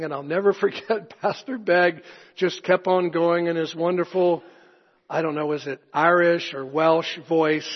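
A male pastor preaching a sermon in a church, conversational and anecdotal, with chuckling asides. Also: on the high side. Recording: echoey hall, dull lo-fi sound.

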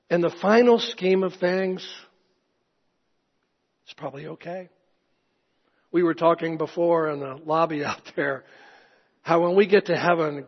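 Male pastor, fairly high husky voice, relaxed sermon delivery with chuckling asides, echoey church hall, dull recording. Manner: conversational, anecdotal, chuckling asides.

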